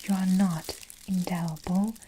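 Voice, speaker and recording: A woman's voice: lowish voice, fairly even intonation, measured pace, background noise, close to an everyday voice. A woman voicing a cruel, scornful headmistress in a whispered role-play, barking insults under her breath. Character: bullying loud female headmistress, cruel and scornful.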